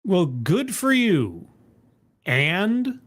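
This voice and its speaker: Reaction host, sardonic, mock-earnest, stammering repeats, unhurried delivery, mid-pitched. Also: sing-song. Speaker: commentary host. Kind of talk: sarcastic reaction commentary on a talk clip.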